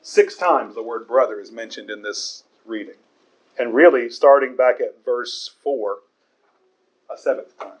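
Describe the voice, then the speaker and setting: A man preaching a sermon, explaining a Bible passage in an earnest, emphatic way with pauses and the odd chuckle. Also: medium pitch. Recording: dull lo-fi recording.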